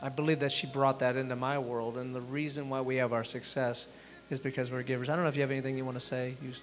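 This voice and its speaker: A man's voice: medium pitch, little pitch movement, fast talker, music in the background. A middle-aged man leading a dinner gathering in an informal sermon and prayer, talking in a rambling, emotional way with many restarts. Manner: rambling and conversational, with frequent restarts; emotional, tearing up. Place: dinner event room.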